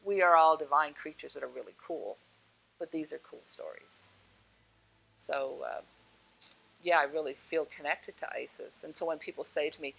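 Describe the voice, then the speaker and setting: A woman speaker telling a personal spiritual story to an audience, animated, with frequent laughs and fillers. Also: low voice, normal speed, gravelly, husky, poor audio.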